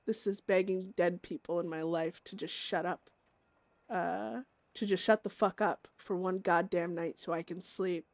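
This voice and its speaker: A woman voicing a grieving, haunted young outlaw woman, reading her journal aloud as a hushed, brooding inner monologue that drops into whispers. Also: lowish voice, dry recording.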